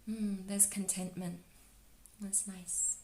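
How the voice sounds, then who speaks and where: A woman giving a relaxed spiritual card reading, talking softly and dreamily with lots of "like" and "you know.". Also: medium pitch, slow, roomy sound. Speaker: astrology and oracle card reader.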